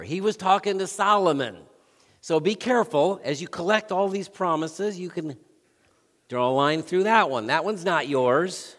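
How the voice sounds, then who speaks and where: A man preaching a sermon as pastor, telling stories with swings from loud to hushed. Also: high voice, normal speed. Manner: lively storytelling with swings between loud and hushed. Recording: long hall reverb.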